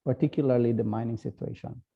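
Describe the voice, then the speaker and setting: A man with a Filipino accent, a priest giving an online talk, speaking slowly and haltingly with many fillers. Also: mid-range voice, fairly even intonation, creaky, muffled recording. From Philippines. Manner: slow, halting, with frequent fillers.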